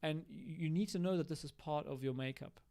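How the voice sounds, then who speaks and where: Male teacher on a live stream, gravelly voice, explanatory and hands-on with examples. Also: on the high side, brisk, warm tone. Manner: explanatory, acts out example lines. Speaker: recovery educator.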